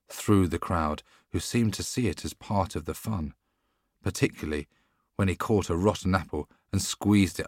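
Reading a storybook from a script, this audiobook narrator has a deep male voice and keeps his delivery steady and measured. It's a dry, studio-quality recording.

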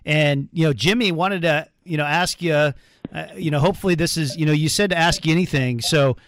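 A man's voice: fairly high pitch, brisk, fairly bright tone, no room sound. A man hosting a podcast, speaking earnestly in a casual interview with frequent restarts. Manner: earnest, many fillers and restarts. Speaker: podcast host.

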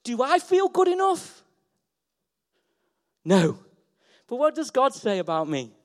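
A man preaching a sermon to his church, passionate and repeating phrases, swinging between loud and soft. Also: extremely high pitch, wildly swooping pitch, takes it slowly. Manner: passionate, rising and falling in volume, repeats phrases. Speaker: pastor. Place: church hall.

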